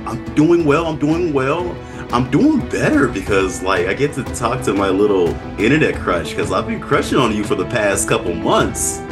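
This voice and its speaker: A man's voice: medium pitch, sing-song, moderate pace, over music. A man hosting a podcast in casual chat, laid-back, chuckling and poking fun at himself. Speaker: podcast host.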